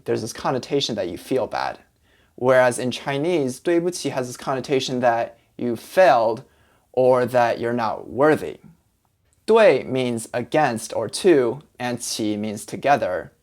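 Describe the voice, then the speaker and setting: A language teacher giving a casual, friendly pronunciation lesson, slowly sounding out syllables step by step. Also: medium pitch, a little mellow. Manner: casual and friendly, with fillers like "kind of" and "like".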